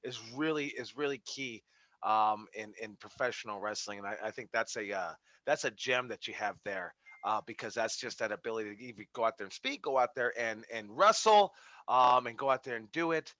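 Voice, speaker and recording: A man's voice: mid-range voice, brisk, bright, forceful tone, no room sound, lo-fi sound. A man teaching a wrestling class over a video call, giving feedback in a rambling way with many fillers and restarts. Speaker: wrestling instructor.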